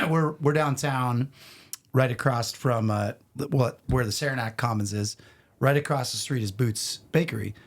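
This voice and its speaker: Middle-aged guy on a podcast, telling a story all animated and rambly. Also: mid-range voice, creaky. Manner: animated, rambling anecdotes with restarts. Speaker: podcast guest. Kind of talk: casual storytelling.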